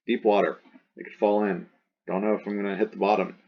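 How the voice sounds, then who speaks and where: A man with a low, husky voice walks through a Latin passage in a relaxed teaching manner. He thinks aloud and weighs several renderings for each word. The recording sounds dull and lo-fi. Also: fast talker. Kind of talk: casual recorded Latin translation lesson.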